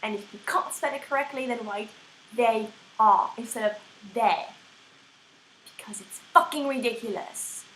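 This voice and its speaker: A woman's voice: a little high, moderate pace, a bit bright, a little hiss or hum. A young woman with a put-on American accent, ranting to camera in exasperated, swearing bursts. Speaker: vlogger. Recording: echoey room.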